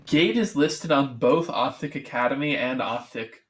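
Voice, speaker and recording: A man co-hosting a casual gaming podcast in a mid-pitched voice. He rambles as he talks, padding his sentences with "I mean" and "like.". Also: normal speed, slight background noise. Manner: rambling, full of fillers like "I mean" and "like". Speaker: podcast co-host. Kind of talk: casual chat about esports.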